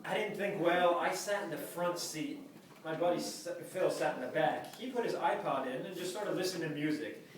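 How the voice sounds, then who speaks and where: A man's voice: fairly high pitch, normal speed, slight background noise. A man telling a comic anecdote to a live audience, acting out the other people in it. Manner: animated, acts out the voices of others. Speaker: storyteller. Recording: very echoey, from far off, audience laughter.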